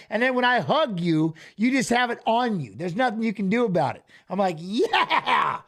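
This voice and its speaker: An excitable man chats casually on a live stream, joking and laughing often. His voice sits high and bounces with lively swings in pitch. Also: moderate pace, hardly any pauses. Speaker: watch-along co-host.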